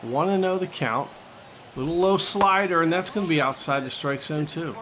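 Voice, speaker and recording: A man doing jokey, excitable mock-sportscaster play-by-play over a baseball video game. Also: a little high, normal speed, a crowd in the background. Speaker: gaming channel host. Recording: steady background noise.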